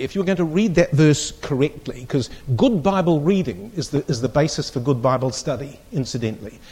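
A man leads an interactive Bible study, reading passages aloud and stressing single words to make his point. His voice sits a little high and carries a husky grain. His delivery is animated, and he keeps pressing the class for answers. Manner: reads scripture aloud with strong emphasis, quizzes the group.

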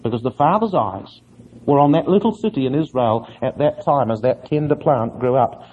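A man's voice: mid-range voice, animated, moderate pace, a little hiss or hum. A man preaching an earnest Bible exposition sermon, putting questions to his listeners and answering them himself. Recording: muffled lo-fi sermon recording.

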